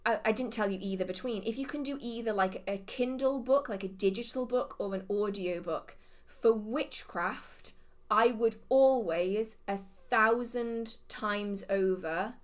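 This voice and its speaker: A woman's voice: mid-range voice, measured pace. A woman with a modern received pronunciation English accent, hosting a live witchcraft Q&A in a rambling, think-aloud way. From England. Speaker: witchcraft channel host. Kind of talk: live Q&A chat.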